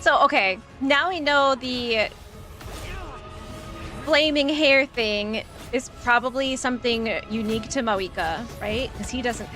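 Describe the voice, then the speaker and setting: A woman streamer giving casual, chatty, excitable commentary over gameplay. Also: a little high, unhurried, music in the background. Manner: chatty, excitable, laughs often.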